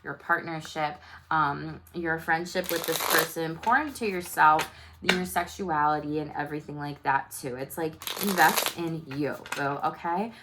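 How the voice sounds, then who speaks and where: A woman's voice: low voice, unhurried, heavy background noise. A woman doing a casual tarot reading, chatty and loose, full of fillers and the odd swear word. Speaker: tarot reader.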